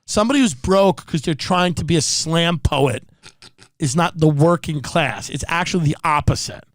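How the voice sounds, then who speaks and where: A man's voice: fairly high pitch, moderate pace, no room sound. A man hosting a podcast, delivering a sarcastic, profane comedic rant. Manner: sarcastic, profane, impersonates people mid-rant. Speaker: podcast host.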